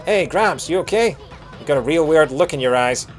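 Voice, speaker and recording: A Scottish man voicing a tiny, brash male sidekick with a cheeky, squeaky delivery. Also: lively intonation, moderate pace, soft background music, some chatter behind, natural voice.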